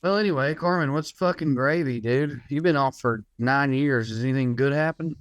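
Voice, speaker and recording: A man's voice: medium pitch, moderate pace, no room sound. A man co-hosting a podcast, teasing and joking in a profane, casual way. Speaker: podcast co-host. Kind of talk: casual chat.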